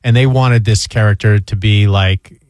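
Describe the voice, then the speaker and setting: Rambling middle-aged radio host, dry sound. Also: male voice, lowish voice, steady tone, normal speed, a little mellow, no room sound. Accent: New York. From New York. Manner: rambling storyteller, self-deprecating. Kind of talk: casual radio chat.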